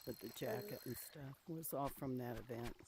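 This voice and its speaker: A woman's voice: rumbling low, normal speed, darkish tone, a little hiss or hum. Older woman teasing dryly on voice chat. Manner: dry teasing, bossy old-lady scolding in jest. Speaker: fellow player. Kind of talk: casual gaming voice chat.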